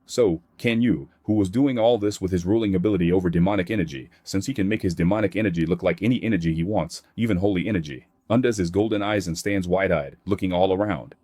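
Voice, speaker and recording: A man's voice: low-pitched, fast talker, few pauses, warm tone, dry recording. A man narrating a comic recap in a plain scripted read, voicing characters' quotes in his own voice.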